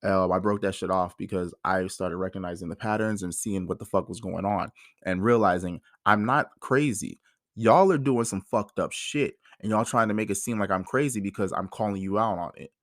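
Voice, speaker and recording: A man in his thirties telling a personal story as a podcast host, heated and animated, swearing often. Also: sits low, normal speed, no echo, studio quality. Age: 30s. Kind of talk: casual personal monologue.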